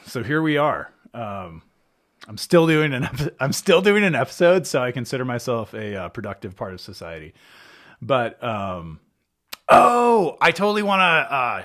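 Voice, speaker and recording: A man's voice: mid-range voice, fairly bright tone. A young man hosting his podcast while hungover, chatting loosely and joking at his own expense with lots of fillers. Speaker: podcast host. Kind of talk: casual rambling chat to camera.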